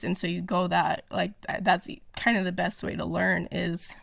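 A woman's voice: fairly low pitch, little pitch movement, normal speed, creaky, fairly bright tone, no room sound, clean studio sound. A woman talking casually as a podcast guest, chatty and full of fillers and restarts. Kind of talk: casual interview chat.

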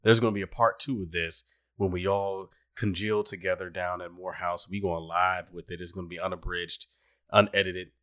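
A man's voice: sits low, fairly even intonation, normal speed, a bit bright, dry recording, studio quality. A man hosting a podcast, upbeat and grateful, laughing often as he wraps up the show. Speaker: podcast host. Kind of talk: casual podcast chat and outro.

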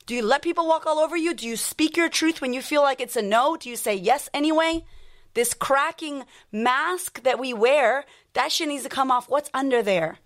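A high-pitched woman talks straight to her listeners as a life coach hosting her own motivational podcast. She is blunt and emphatic, swears freely, and fires off question after question. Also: fairly bright tone. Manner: rapid-fire rhetorical questions.

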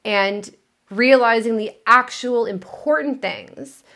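A woman's voice: a little high, slow pace, fairly bright tone. A woman giving a motivational talk about romance as a relationship coach, speaking emphatically and candidly, with the odd swear word.

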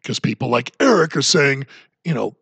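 A man's voice: mid-range voice, sing-song, normal speed, creaky, fairly bright tone, slightly rough, no echo. A man hosting a solo commentary podcast, talking in a sarcastic, ranting way. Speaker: podcast host.

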